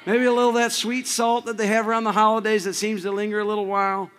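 A man with a high, bright voice preaches a lively sermon, cracking jokes and chuckling between lines. He leads the crowd in call-and-response with emphatic repeated phrases. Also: fast. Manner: playful, joking, laughing often.

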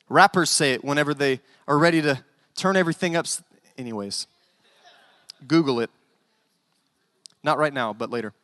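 A male pastor preaching a sermon in an animated way, with joking asides. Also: a little high, brisk, pauses often, no room sound, long reverb tail.

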